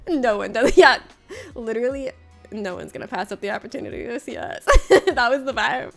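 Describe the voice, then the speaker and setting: A woman streamer from Florida rambles through a story with her viewers, breaking into laughs every few lines. Her voice sits a little on the high side, and soft game music plays quietly underneath. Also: expressive, moderate pace, vocal fry. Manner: chatty, laughs often while telling stories. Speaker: livestreamer. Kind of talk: casual chat with viewers during a game stream.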